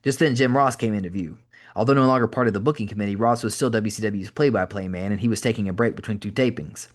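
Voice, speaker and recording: A man narrating an audiobook in a brisk, wry first-person reading. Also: lowish voice. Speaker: podcast host reading an audiobook.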